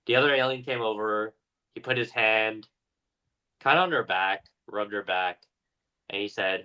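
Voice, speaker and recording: Bright-voiced casual male podcast storyteller. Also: fairly low pitch, moderate pace, pauses often, poor audio. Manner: loose, filler-heavy retelling with acted-out quotes. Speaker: podcast co-host retelling a story.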